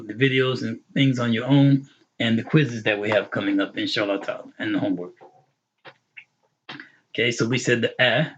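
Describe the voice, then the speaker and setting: A man teaching an online Arabic grammar lesson, explaining patiently and repeating terms with quick English glosses. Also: medium pitch, a bit bright, husky, highs cut off.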